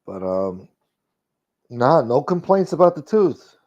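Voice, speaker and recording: Here a middle-aged stream host reads viewer messages and banters casually, cursing as he goes. His mid-range voice is a little mellow, very animated, yet he takes his time. Expect dull, lo-fi sound quality.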